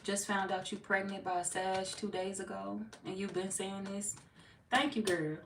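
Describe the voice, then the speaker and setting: A tarot reader chats casually on a live stream, laid-back and talkative as she reads viewer comments aloud. Her voice is medium-pitched, level, fairly bright and at normal speed. The recording is noisy, in an echoey room with the mic far off.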